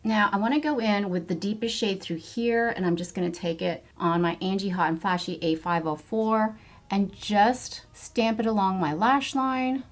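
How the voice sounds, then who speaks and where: A woman's voice: mid-range voice, moderate pace. A middle-aged woman chatting through a makeup tutorial, enthusiastic as she reviews each product. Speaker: beauty vlogger.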